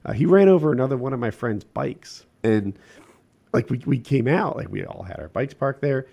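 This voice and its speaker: A man casually telling a childhood story on a podcast, sometimes dropping low and quiet. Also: lively intonation, normal speed, gravelly, slightly rough. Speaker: podcast co-host.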